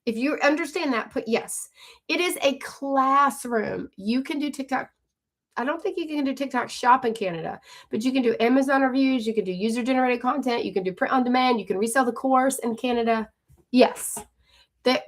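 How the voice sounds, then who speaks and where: A woman hosting a live stream as an online coach, talking fast and chatty and greeting viewers by name. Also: high voice, a bit bright. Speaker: livestream host and online coach. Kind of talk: live stream chat and sales pitch.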